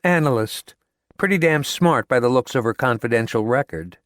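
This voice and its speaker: A wisecracking male hacker, as a man reads him in an audiobook, pitched noticeably above the narrator's own voice. He sounds amused and teasing, enjoying the gossip he delivers. The recording is dry and close. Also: expressive, normal speed, dry recording, lightly acted.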